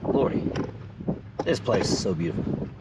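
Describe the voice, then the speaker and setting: A man's voice: deep voice, expressive, unhurried. A man, chatting casually and folksily as he narrates an off-road drive from inside his Jeep. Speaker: off-road vlogger. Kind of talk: casual narration while driving. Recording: engine and road noise behind.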